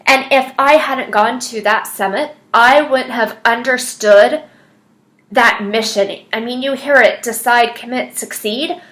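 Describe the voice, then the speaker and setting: Slow-talking earnest woman coach. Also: on the high side, fairly bright tone. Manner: earnest, chatty, many fillers. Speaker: fitness coach. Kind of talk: personal story, casual monologue.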